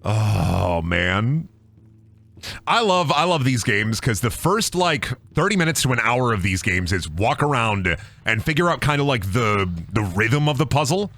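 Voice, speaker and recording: Animated, jokey young man streaming. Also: medium pitch, normal speed, no room sound. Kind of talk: casual let's-play commentary.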